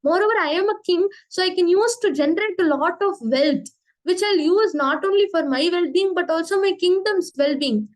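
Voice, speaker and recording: A woman's voice: very high-pitched, normal speed, poor audio. A woman voicing a proud, demanding king in a children's story, pleading at first and then bossy and threatening. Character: proud demanding king, man, grows furious.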